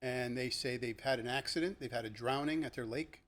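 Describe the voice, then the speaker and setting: An older man, a retired police lieutenant, telling stories from his career in a conversational podcast interview and animatedly acting out the people in them. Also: brisk. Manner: animated, acts out the people in his stories with sharp jumps in pitch; conversational, with fillers and restarts. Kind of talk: podcast storytelling.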